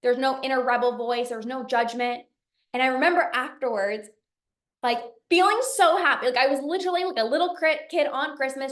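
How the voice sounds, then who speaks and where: High-voiced woman coaching in an echoey room. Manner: emphatic, repetitive, quotes her own inner voice. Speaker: binge eating coach. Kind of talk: masterclass storytelling.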